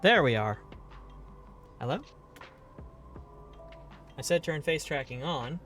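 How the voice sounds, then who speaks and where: A man's voice: fairly high pitch, lively intonation, takes it slowly, fairly bright tone, faint music behind. A man streaming a game live, chatting casually in a rambling, playful way and swearing now and then.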